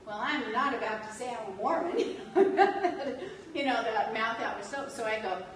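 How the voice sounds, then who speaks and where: A woman from California telling lively stories in a lecture, laughing often and poking fun at herself. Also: fairly high pitch, a little slow. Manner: animated, laughs often, self-mocking humor. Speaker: religion instructor. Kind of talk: storytelling lecture. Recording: echoey hall taped from far off.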